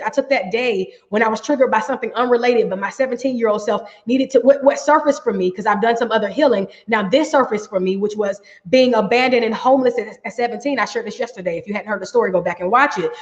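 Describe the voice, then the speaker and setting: A woman's voice: a little high, fast talker, few pauses. A middle-aged woman coach giving a healing workshop talk, emphatic, often checking in with "right?". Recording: echoey, dull room sound.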